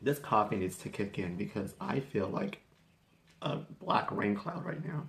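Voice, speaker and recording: Chatty low-voiced young man vlogging. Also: expressive, unhurried, fairly bright tone. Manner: chatty and rambling, with restarts and quoted asides. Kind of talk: casual talking-head vlog.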